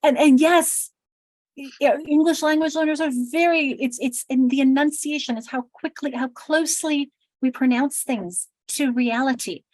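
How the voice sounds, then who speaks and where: Leading a teacher workshop, this American trainer enunciates every word very carefully and voices sounds aloud as examples. Her high-pitched voice is a little mellow and moves at a moderate pace. There's no echo, but the audio is poor.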